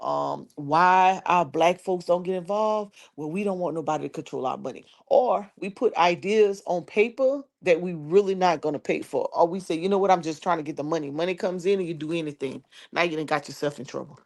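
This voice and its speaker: Woman, gravelly voice, folksy, explaining, video call. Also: lowish voice, moderate pace, hardly any pauses. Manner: folksy, explaining, keeps checking in. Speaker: panelist. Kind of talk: casual panel discussion.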